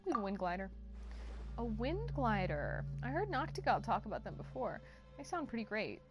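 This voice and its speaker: A woman reading out a friendly, relaxed young male desert explorer from a video game. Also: on the high side, normal speed, music in the background. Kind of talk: reading game dialogue aloud on stream.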